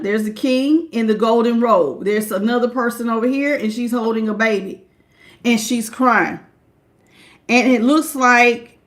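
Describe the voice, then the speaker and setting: A woman hosting a live tarot reading, thinking aloud as she works through the cards and stops to greet viewers by name in a warm, familiar way. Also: a little high. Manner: conversational, thinking aloud, interrupts herself to welcome viewers by name.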